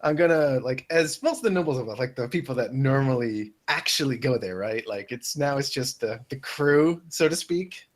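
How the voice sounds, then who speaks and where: A man playing a tabletop game, talking in an easygoing, halting way. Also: medium pitch, lively intonation. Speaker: player. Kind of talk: tabletop role-play.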